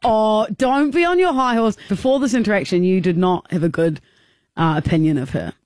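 Woman, radio co-host, animated storytelling, medium pitch, dry. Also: brisk, no room sound. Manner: animated, self-pitying storytelling. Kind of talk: casual storytelling banter.

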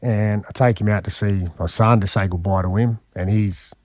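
Animated Australian man telling a story. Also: on the low side, moderate pace, no room sound, studio quality. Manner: animated, emphatic, frequent "man" and "mate" fillers. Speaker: radio show host. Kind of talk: casual storytelling chat.

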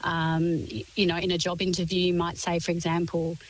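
Female expert guest, composed and articulate, slightly low voice. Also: level tone, a little fast, hardly any pauses, poor audio. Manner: composed, articulate explaining in lists. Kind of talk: radio interview.

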